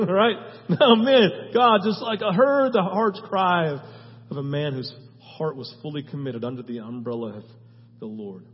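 A male pastor preaching a sermon and then praying, moving between loud, urgent exhortation and hushed, earnest prayer. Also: mid-range voice, normal speed, slight background noise. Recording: muffled sound in a reverberant hall with faint music.

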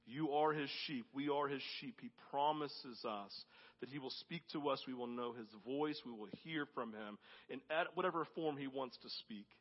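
A male pastor delivers his sermon at a middle pitch, building to loud, emphatic peaks before falling back to soft, intimate tones. His voice carries through a large church with a long reverb. The recording is dull and muffled. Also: moderate pace. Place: church sanctuary.

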